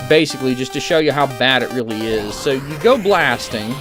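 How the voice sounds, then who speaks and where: A man's voice: mid-range voice, expressive, brisk, music in the background. A man giving casual, rambling commentary while playing an old computer game, with sarcastic asides. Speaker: streamer.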